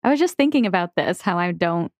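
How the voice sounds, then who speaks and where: A woman's voice: lowish voice, animated, quick pace, no echo, studio quality. A woman co-hosting a podcast in casual chat, tossing in skeptical questions and quips. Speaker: podcast co-host.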